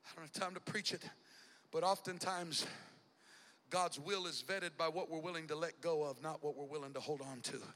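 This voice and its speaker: A man preaching a sermon dramatically, shouting in a rhythmic whooping cadence with "uh" breaths. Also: on the high side, steady tone, normal speed, long reverb tail. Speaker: bishop preaching.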